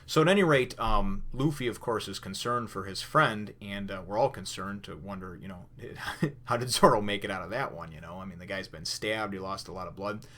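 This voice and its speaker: A man's voice: on the low side, fairly quick, few pauses, pushed and bright. A man casually recapping a comic chapter and commenting on it, rambling with frequent fillers and restarts, and sometimes acting out characters' lines. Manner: rambling, lots of "you know" and restarts; loosely acts out characters' lines. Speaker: manga reviewer.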